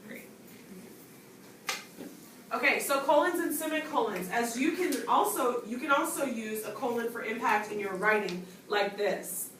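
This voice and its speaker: A woman's voice: a little high, expressive, unhurried, a bit bright. Woman teacher leading a class, calls on students, heard from across an echoey room. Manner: instructive, calls on students and asks questions. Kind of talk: classroom grammar lesson. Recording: echoey classroom, distant mic, background noise.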